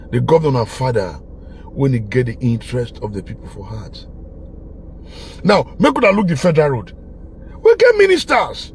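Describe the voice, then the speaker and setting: Animated Nigerian man with a preachy manner. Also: mid-range voice, fairly quick, a little hiss or hum. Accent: Nigerian, with Pidgin. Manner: preachy, repetitive, with bursts of laughter and shouting. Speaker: online commentator. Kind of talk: impassioned political monologue.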